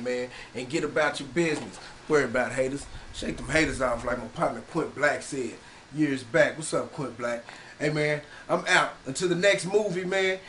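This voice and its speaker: A man's voice: a little high, a bit bright, slight background noise. Earnest slangy man giving a pep talk. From Texas. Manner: slangy, earnest, repeats phrases for emphasis. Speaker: rapper and filmmaker giving an outro. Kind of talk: motivational address to viewers.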